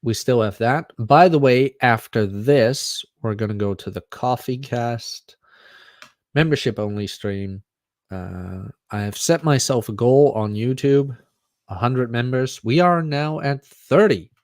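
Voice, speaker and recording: A man's voice: mid-range voice, measured pace, dry recording, clean studio sound. Chatty man. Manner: rambling, chatty, jokey. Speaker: streamer, channel host. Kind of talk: casual livestream chat.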